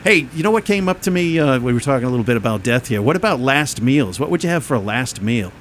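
A man's voice: mid-range voice, lively intonation, fast, a little hiss or hum. A man co-hosting a podcast, chatting casually and rambling, with frequent laughs. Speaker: podcast co-host. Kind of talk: casual chat.

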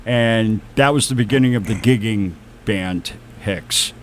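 A man who founded a band, recounting its history in a relaxed, thoughtful chat. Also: fairly low pitch, slight background noise. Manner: slow, thoughtful storyteller. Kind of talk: casual chat.

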